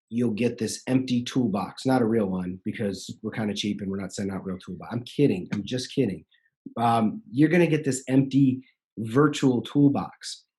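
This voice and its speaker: A man's voice: mid-range voice, warm tone, husky. A man hosting a podcast, coaching contractors in an earnest, persuasive way and repeating points for emphasis.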